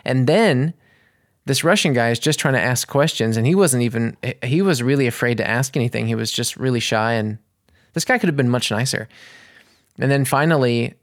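Man, mid-pitch, vlog storyteller, chatty and rambling, dry close recording. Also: moderate pace, no echo. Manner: rambling, restarts and searches for words. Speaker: vlogger. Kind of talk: casual storytelling to camera.

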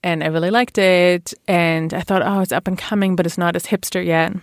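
German-accented woman guest, middle-aged, gravelly voice, anecdotal and chatty. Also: fairly low pitch, fairly even intonation, a little fast, dry recording, studio quality. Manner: chatty storytelling with fillers and laughs. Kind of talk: casual interview chat.

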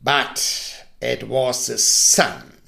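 A man reading a story dramatically, then speaking his own views, often dropping into a hushed whisper. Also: medium pitch, steady tone, very slow, creaky. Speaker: storyteller and commentator.

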